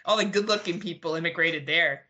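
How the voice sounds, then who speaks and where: A woman's voice: lowish voice, a little fast, pushed and bright. A woman co-hosting a podcast in casual chat, laughing often and swearing freely. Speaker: podcast co-host.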